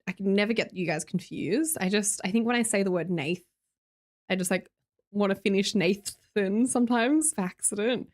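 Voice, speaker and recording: A woman's voice: medium pitch, normal speed. An Australian woman streamer in casual live-stream chat, reading viewer messages aloud, chatty and laughing often.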